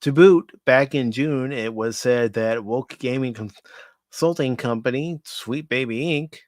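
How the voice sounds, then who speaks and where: A man's voice: mid-range voice, a little slow, no echo. A man hosting a pop culture talk show, reading news items aloud and adding wry asides. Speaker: host.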